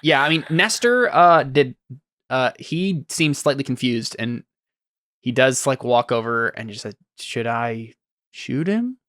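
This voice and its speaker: A man's voice: medium pitch, a little slow, a bit bright, no room sound, clean studio sound. A young man running a tabletop game as game master, thinking aloud and laughing often.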